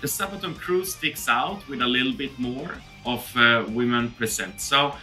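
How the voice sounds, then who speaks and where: Very bright-voiced man, halting dry humor. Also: mid-range voice, faint music behind. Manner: hesitant, many uh fillers, dry humor. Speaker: band member. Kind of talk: casual direct-to-camera talk.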